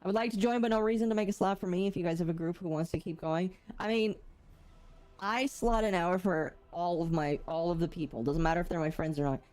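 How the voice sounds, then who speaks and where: A woman's voice: on the low side, a little fast, darkish tone. A woman streaming a game and chatting casually, reading and answering chat with playful puns.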